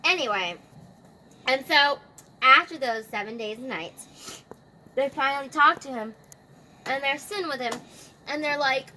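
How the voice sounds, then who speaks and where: A woman's voice: high-pitched, moderate pace, pauses often, pushed and bright, a little hiss or hum. A woman retelling a scripture story in casual, slangy chat. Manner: chatty, slangy, filler-heavy.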